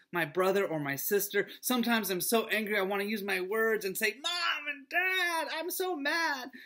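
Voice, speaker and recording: A middle-aged man, a school pastor, giving a children's devotional talk in a gentle, earnest way that often sinks to a soft near-whisper. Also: sits high.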